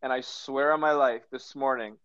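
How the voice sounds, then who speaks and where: A man, a teacher, telling a story in relaxed, amused casual chat. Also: medium pitch, moderate pace, a crowd in the background. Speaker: teacher and podcast co-host. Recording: dull lo-fi dry sound.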